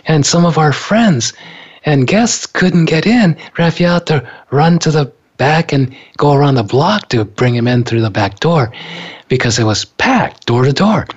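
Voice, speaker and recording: A man's voice: mid-range voice, lo-fi sound. A male author telling a personal story in conversation, earnest, and often repeating words as he recalls events. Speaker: author and speaker.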